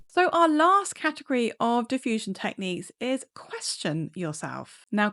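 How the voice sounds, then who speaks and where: A woman clinical psychologist explaining coping techniques in a calm, measured way. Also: a little high. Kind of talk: instructional talk to camera.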